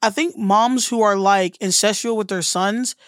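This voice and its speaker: A woman's voice: medium pitch, unhurried, dry recording, clean studio sound. A woman guest co-hosting a podcast, chatting casually, giggly and swearing freely as she gives her opinions. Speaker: guest co-host. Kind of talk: casual chat.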